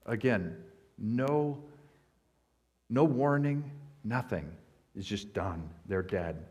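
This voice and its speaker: A man's voice: fairly low pitch, expressive, slow, darkish tone, slightly rough. A man preaching a sermon, explaining scripture in an earnest way and building to emphatic points. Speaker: pastor.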